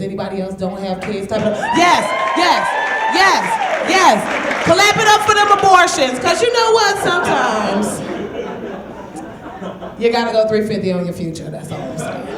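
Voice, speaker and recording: A brash woman from Michigan does stand-up, loud and baiting the audience. Her voice is high and bright. The room is echoey, and a lively club crowd is heard behind her. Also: moderate pace, over loud music. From Flint, Michigan, US. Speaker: stand-up comic. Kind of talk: stand-up comedy set.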